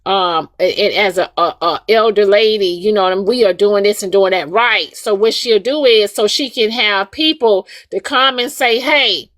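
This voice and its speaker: A woman's voice: mid-range voice, normal speed, few pauses, no echo, clean studio sound. A woman hosting a livestream, talking casually and emphatically to her viewers and repeating her points. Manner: animated, repetitive, emphatic addressing of viewers. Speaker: livestream host.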